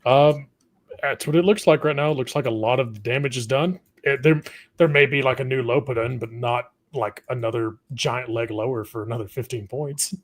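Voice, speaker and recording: A man's voice: mid-range voice, moderate pace. A man co-hosting a live trading stream, chatting casually about the market, laughing often and trailing off mid-sentence.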